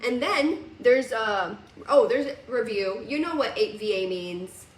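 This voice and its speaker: A woman's voice: a little high, expressive, a little slow, recorded from a distance. Chatty woman piano teacher, roomy. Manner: casual, chatty, laughs often. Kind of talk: recorded music lesson. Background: piano playing.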